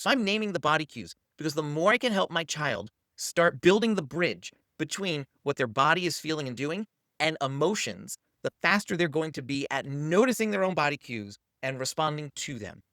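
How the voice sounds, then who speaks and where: A man's voice: a little high, a bit bright, no room sound, studio quality. A man hosting a parenting channel, teaching to camera in an upbeat coaching manner and acting out what to say to a child.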